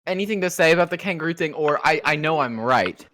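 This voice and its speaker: A man's voice: on the high side, expressive, fast talker, a loud crowd. A teenage boy co-hosting a podcast in casual chat, rambling and giggly, on a noisy call. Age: teens. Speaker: podcast co-host.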